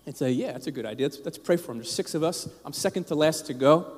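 A man's voice: fairly high pitch, expressive, quick pace, darkish tone, long reverb tail. A man preaching a casual, storytelling sermon to a congregation, with frequent restarts and asides to the listeners. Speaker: pastor. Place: church sanctuary.

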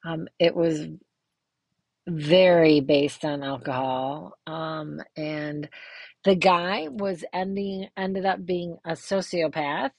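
A middle-aged woman hosts her own podcast and talks candidly about her life, with many ums and restarts. Her voice sits low and she takes her time. The sound is close and dry. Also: slow, no echo. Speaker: podcast host. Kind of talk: casual personal monologue.

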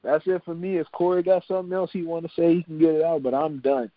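A man's voice: a little high, fast talker, no echo. Laid-back male podcast host, dry lo-fi sound. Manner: relaxed, laughing, repeats words. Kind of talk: casual podcast sign-off chat.

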